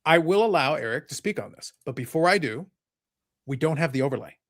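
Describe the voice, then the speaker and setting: A man's voice: fairly high pitch, animated, brisk. A man hosting a live podcast, talking casually in a rambling, sarcastic, joking way. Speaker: podcast host.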